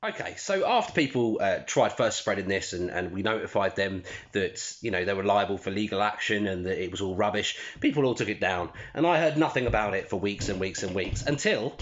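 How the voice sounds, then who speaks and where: Male host, indignant and sarcastic; pitch swings widely; dull lo-fi recording. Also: lively intonation, a little fast, few pauses. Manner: indignant and mocking, reading aloud with scornful asides. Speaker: channel host. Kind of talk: commentary on a document. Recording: dull lo-fi audio.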